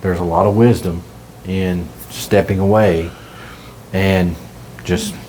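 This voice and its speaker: A man's voice: low voice, steady tone, takes it slowly, dark tone, slight background noise. A man in his thirties hosting a casual faith conversation, earnest and encouraging, laughing easily. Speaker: ministry podcast host.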